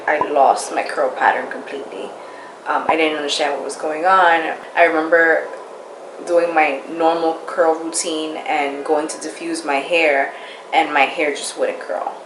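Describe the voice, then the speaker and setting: A young woman vlogger chatting candidly and casually, with slangy, chatty talk. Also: deep voice. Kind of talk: casual chat. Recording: echoey room, faint background noise.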